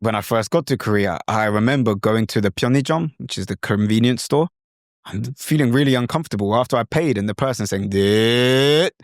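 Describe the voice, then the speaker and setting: A man's voice: lowish voice, quick pace, no room sound, clean studio sound. A man from Britain with a British accent, hosting a podcast as a language coach. He explains with enthusiasm and often slips into imitations of other accents. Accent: British English. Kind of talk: instructional talk.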